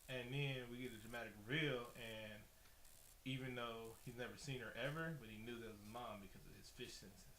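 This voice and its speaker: A man co-hosting a casual podcast, recapping a movie with lively, profane energy and acting out scenes. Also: medium pitch, a little fast, slight background noise. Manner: animated, profane, acts out scenes. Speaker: podcast co-host. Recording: echoey room.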